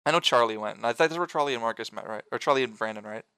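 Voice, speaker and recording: A man's voice: mid-range voice, rapid-fire, pushed and bright, clean tone, no echo. A young man telling stories in casual chat with friends, rambling and swearing, full of fillers and restarts. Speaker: storyteller among friends.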